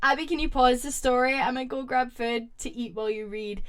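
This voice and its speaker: A young woman streamer chatting casually with viewers and reading stories aloud, excitable and reacting loudly. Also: high voice, fairly quick, smooth.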